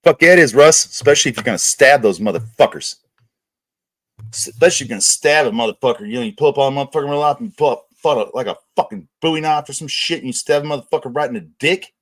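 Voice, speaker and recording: A man's voice: mid-range voice, quick pace, fairly bright tone. A man hosting a livestream, ranting crudely and swearing constantly in casual chat. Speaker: livestream host. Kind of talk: casual profane streaming rant.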